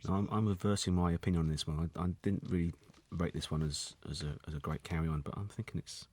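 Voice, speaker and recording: A man's voice: low voice, steady tone, fast talker. A man hosting a film commentary, chatting enthusiastically about the scenes. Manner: enthusiastic, laughs easily. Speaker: commentary host. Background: loud film soundtrack.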